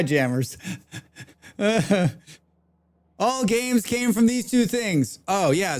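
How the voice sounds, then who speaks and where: A man's voice: high voice, clear, resonant tone. A man livestreaming a game, chatting casually and rambling with plenty of swearing while reacting to chat. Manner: rambling, profane, reads chat aloud.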